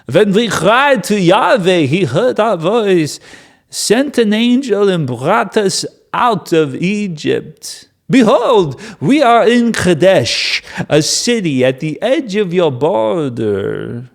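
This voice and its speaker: Give me an old Hebrew prophet with a Yiddish accent, as a man puts him on, pleading in a high, slow voice. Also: big pitch swings, vocal fry, exaggerated voice. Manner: pleading, stately, drawn-out.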